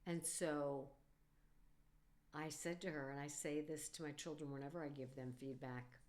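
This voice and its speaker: A middle-aged woman with a somewhat low voice hosts a solo podcast. She talks in an earnest, warm, advice-giving way and draws on stories from her own life. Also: fairly even intonation, normal speed. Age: middle-aged or older. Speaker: podcast host, psychologist. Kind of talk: casual solo podcast talk.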